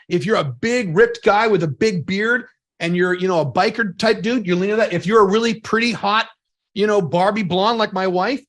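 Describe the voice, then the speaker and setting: A man talking on a podcast, blunt and emphatic, with swearing sprinkled through. His voice sits fairly high for a man. He talks in a casual, punchy way. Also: a bit bright. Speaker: podcast co-host.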